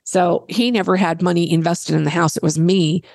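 Middle-aged woman guest, blunt and profane, lowish voice, dry close sound. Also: steady tone, brisk, vocal fry, darkish tone, no room sound. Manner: blunt, swears freely, repeats phrases while thinking. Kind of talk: candid personal storytelling.

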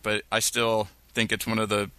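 A man's voice: on the low side, monotone, moderate pace, sharp tone, clean tone, no room sound. A man co-hosting a TV podcast in casual chat, rambling with lots of fillers. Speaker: podcast co-host.

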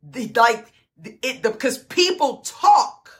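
Fired-up woman coaching, bright voice. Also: sits high, animated, takes it slowly. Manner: fired-up, emphatic, laughs often. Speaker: host. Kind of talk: coaching talk on a group call.

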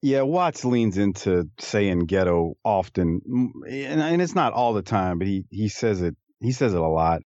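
A man's voice: on the low side, lively intonation, unhurried, few pauses, a little mellow, no echo, highs cut off. A man co-hosting a casual podcast, talking in a rambling, amused way with frequent restarts. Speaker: podcast co-host. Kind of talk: casual chat.

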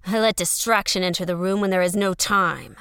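A woman voicing an irritable male giant larva scientist who barks curt, loud lines. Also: mid-range voice, fairly even intonation, fairly quick, clean tone, no echo, clean studio sound, natural voice.

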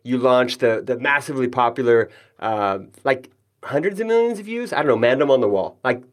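A man's voice: mid-range voice, animated, brisk. A male podcast host talks with his guest in a friendly, casual way. He jokes lightly and often pokes fun at himself. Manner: friendly, jokey, self-deprecating asides. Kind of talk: casual interview chat.

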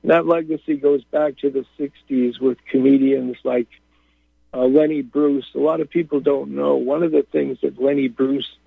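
A male caller talks in a measured, thoughtful way, his mid-pitched voice gravelly. The sound is tinny and dry, like a phone line. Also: fairly even intonation, no room sound. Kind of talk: call-in radio talk.

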